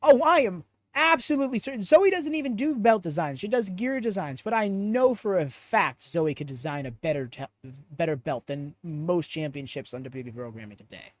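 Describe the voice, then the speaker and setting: A man hosting a live podcast, chatting in an animated, opinionated way and rambling off on tangents as he reads the audience chat aloud. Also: high-pitched, normal speed, dry recording. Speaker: podcast host.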